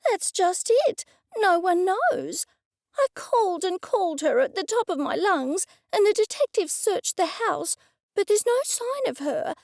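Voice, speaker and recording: A woman reading an audiobook, voicing an excitable, dramatic woman friend who talks in a breathless, high-strung way. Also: unhurried, no echo, studio quality, full character voice. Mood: anxious.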